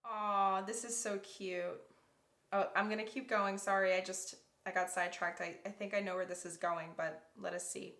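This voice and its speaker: A woman reads tarot cards aloud for her viewers, effusive and openly emotional as she goes. Her voice is bright and forward. The sound carries a roomy echo. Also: mid-range voice, flat delivery, normal speed. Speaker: tarot reader. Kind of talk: pick-a-card tarot reading.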